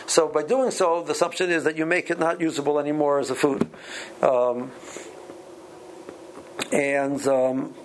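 A man teaching a Talmud class, speaking haltingly with many repeated words and ums. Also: a little high, vocal fry, a little hiss or hum, low-quality recording. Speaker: Torah teacher.

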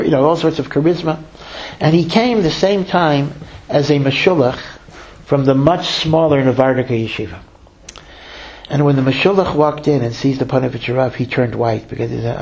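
A man giving a storytelling sermon, lively, slowing to stress key lines and acting out the voices he quotes. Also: medium pitch, low-quality recording. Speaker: rabbi.

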